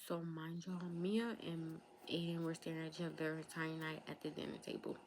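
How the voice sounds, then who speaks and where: A woman's voice: low voice, flat delivery, fairly quick, darkish tone, slight background noise, rough recording. A young woman telling a personal storytime to her viewers, chatty, talking straight to them and slipping into whispered asides. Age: young adult. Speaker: vlogger. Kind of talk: storytime vlog.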